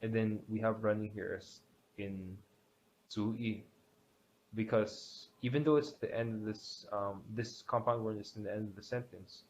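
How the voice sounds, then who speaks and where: A man teaching a grammar lesson, explaining step by step with many pauses and restarts. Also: fairly low pitch, steady tone. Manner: hesitant, many fillers and restarts. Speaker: language teacher. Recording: dull lo-fi sound with faint background hiss.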